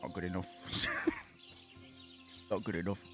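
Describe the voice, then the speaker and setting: A man commentating on his own gameplay, swearing often and getting frustrated, sometimes chanting words loudly. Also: sits low, steady tone, unhurried, over music. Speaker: gaming streamer. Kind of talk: casual let's play commentary.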